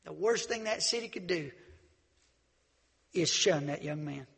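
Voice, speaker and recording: A man preaching with a gravelly, husky edge to a slightly raised voice. He swings between loud exhortation and quiet asides, slipping into Bible characters as he goes. The sound rings in a hall with a long reverb. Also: animated. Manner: fervent preaching, swings from shouts to low asides; acts out Bible characters in quick dialogue. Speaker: pastor. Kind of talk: sermon.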